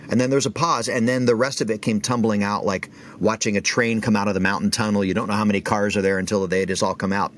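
A man sharing a faith story as a podcast guest, animated and acting out the voices of the people in it. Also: fairly low pitch, brisk, a little hiss or hum. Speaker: guest speaker.

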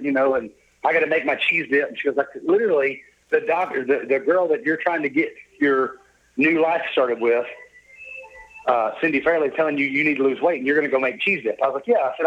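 A man's voice: mid-range voice, fairly quick, lo-fi sound. Jovial man telling a story. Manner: upbeat, jovial storyteller who acts out quoted dialogue. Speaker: podcast guest. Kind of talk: casual storytelling interview.

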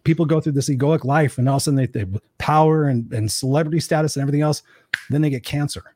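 Fast-talking husky man hosting a chat. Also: a little high, dry recording, studio quality. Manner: animated, swears freely, acts out quoted voices. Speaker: podcast host. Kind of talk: casual coaching conversation.

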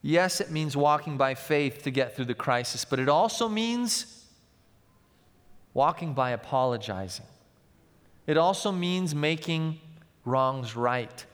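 A young man with a high voice preaches a sermon, telling personal stories in an animated way. He swings between loud passages and hushed, tender ones. His voice rings out in the long reverb of a large hall. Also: slow, long pauses. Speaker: pastor.

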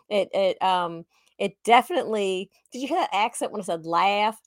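A woman chatting casually on a video call, giggling between stories. Her voice sits at an ordinary middle pitch, and it sounds close and dry with little room sound. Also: animated, normal speed, dry recording. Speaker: podcast co-host. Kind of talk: casual chat.

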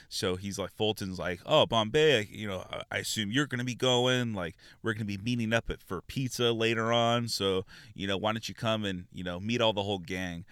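Smooth-voiced man rambling casually. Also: sits low, a bit bright, no echo, clean studio sound. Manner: rambling, filler-heavy, informal. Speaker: podcast host. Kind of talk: casual recap and review.

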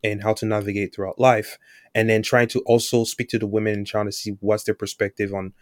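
A man's voice: fairly low pitch, little pitch movement, a little fast, no room sound, studio quality. A man co-hosting a podcast, speaking in casual chat and often chiming in with short reactions. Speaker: podcast co-host.

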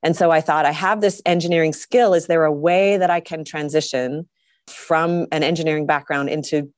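A middle-aged woman, a guest astronaut, telling her story in an interview in a lively way, often laughing. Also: low-pitched, normal speed, dry recording, studio quality. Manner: animated, laughs often, acts out quotes.

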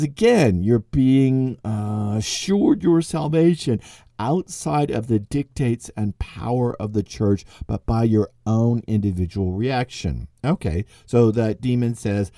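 Middle-aged male lecturer, animated and wry, mellow voice, dry close sound. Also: fairly low pitch, dry recording. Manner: animated, wry, conversational, quick asides. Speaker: podcast host and literature teacher. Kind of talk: lively spoken lecture.

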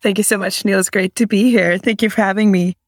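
A woman speaks as a podcast guest, chatty and eager as she explains things. Her voice sits at a middle pitch. The sound is dry and close. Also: fairly even intonation, quick pace, dry recording. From Norway. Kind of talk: interview chat.

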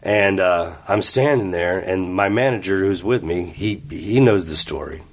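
Man, from Ohio, low voice, casual storytelling, acts out quotes, office room. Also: moderate pace. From Ohio, USA. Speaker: guest.

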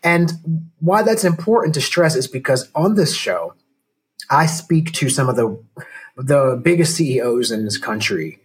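A male talk-show host conducts a casual interview, acting out quotes and laughing easily. His voice ranges widely in pitch and has a husky edge.

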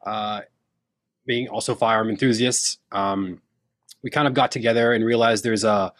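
A man's voice: fairly low pitch, a bit bright, no room sound. A man as a guest on a talk show, explaining his company in a confident, upbeat way. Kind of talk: casual interview answers.

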